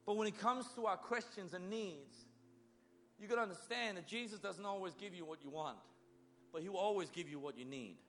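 A male preacher giving a sermon, swinging between loud bursts and soft, low lines as he acts out biblical figures. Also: a little fast, a little hiss or hum.

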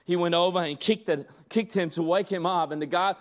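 Male preacher, high voice, emphatic conversational sermon delivery with restarts. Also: fairly quick.

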